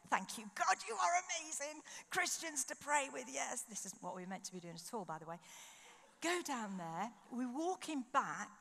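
Woman preacher, bright forceful voice, animated storyteller, long hall reverb. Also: on the high side. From United Kingdom. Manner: animated storyteller, acts out her own thoughts. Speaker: conference speaker. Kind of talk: sermon with storytelling.

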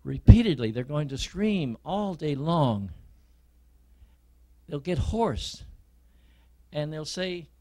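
A male preacher giving a sermon, telling a dramatic story to his listeners in a slow, deliberate way. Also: a little high, lively intonation, mellow.

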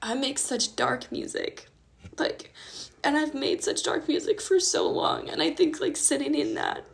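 A woman's voice: sits high, lively intonation, measured pace, gravelly. A woman musician talking casually on a livestream while crying, emotional and rambling with lots of fillers.

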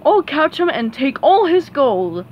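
A greedy, gruff cartoon crab boss, put on by a woman reading a storybook. He drawls his lines slowly and slyly, with his mind on money. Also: high-pitched, very animated, muffled recording, a little hiss or hum, voice pushed up. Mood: eager.

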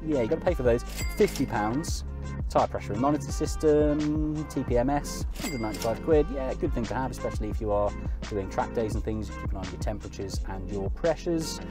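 A man's voice: medium pitch, a little fast, music in the background. A man who reviews cars in a chatty, wry way with joking asides. He talks while driving a car on country roads.

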